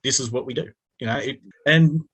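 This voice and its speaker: A husky-voiced man in his forties talks quickly and earnestly as a podcast guest. He thinks out loud and scatters "you know" through his sentences. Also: mid-range voice. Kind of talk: casual podcast interview.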